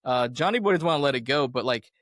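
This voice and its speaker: Animated male podcast host, lively pitch. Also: fast, no echo, studio quality. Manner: animated, laughing, retells scenes. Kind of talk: casual movie review chat.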